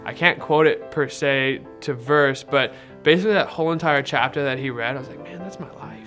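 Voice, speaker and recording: A young man with a bright, forward voice at a middle pitch tells his faith story in a loose, rambling way. He leans on fillers and acts out past conversations. Soft guitar music plays faintly underneath. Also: fairly quick. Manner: rambling and conversational, many fillers and retold dialogue. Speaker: person sharing a faith testimony. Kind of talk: casual personal testimony.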